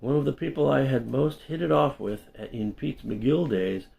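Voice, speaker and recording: A middle-aged man reading his own memoir aloud in an unhurried, conversational way with small self-corrections. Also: medium pitch, lively intonation, vocal fry, mellow. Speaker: storyteller and English teacher.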